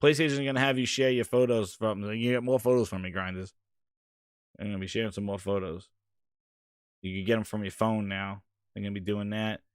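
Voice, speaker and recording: A man hosting a live stream, talking in a rambling, excitable way with casual swearing. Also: on the low side, fairly quick, clear, resonant tone, no room sound, clean studio sound. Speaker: host.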